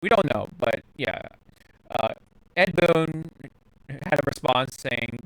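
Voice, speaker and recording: A man's voice: medium pitch, lively intonation, slow pace, a bit bright, dry recording, low-quality recording. A man hosting a podcast in casual chat, rambling with lots of fillers and restarts. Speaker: podcast host.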